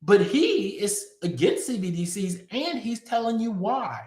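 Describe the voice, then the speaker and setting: Host type: a man with a fairly high voice, emphatic and direct to camera, in an echoey room. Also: big pitch swings, a little slow, a little mellow. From Texas. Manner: emphatic, addressing viewers directly. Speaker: crypto show host. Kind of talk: political news commentary.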